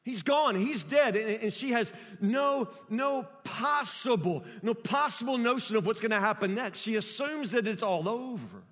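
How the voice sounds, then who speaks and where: A man preaching a sermon, emphatic and repetitive, rising at times to near-shouts. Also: very high voice, animated, moderate pace, few pauses, in a large hall.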